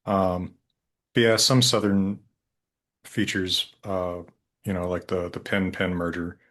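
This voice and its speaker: A man with a deep voice and a Colorado accent talks as an interview guest. He speaks in a slow drawl and thinks out loud, hedging as he goes. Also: flat delivery. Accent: Colorado, American West. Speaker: guest linguist. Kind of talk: conversational interview.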